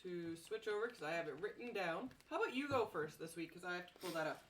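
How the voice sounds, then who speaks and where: A woman's voice: fairly low pitch, animated, quick pace, fairly bright tone, a little hiss or hum. A woman co-hosting a podcast in casual chat, bubbly and teasing while tasting treats. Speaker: podcast co-host.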